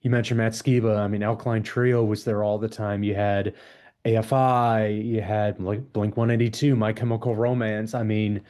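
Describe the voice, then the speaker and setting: A man's voice: on the low side, level tone, moderate pace, darkish tone. A man hosting a radio interview in a studio, chatting eagerly and agreeing often. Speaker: radio host.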